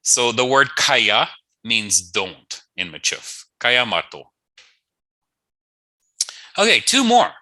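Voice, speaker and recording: A male teacher walks through a language lesson at an unhurried pace, repeating each new word twice and tossing in playful asides. His voice is bright and lively, swinging up and down, and the recording is dry and close. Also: mid-range voice, no echo, low-quality recording.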